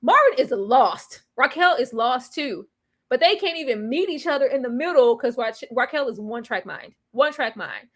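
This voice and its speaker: A woman's voice: sits high, moderate pace. Lady reviewer, chatty tv recap, acts stuff out and laughs. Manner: animated, laughs often, acts out scenes. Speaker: TV show reviewer. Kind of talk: casual episode recap.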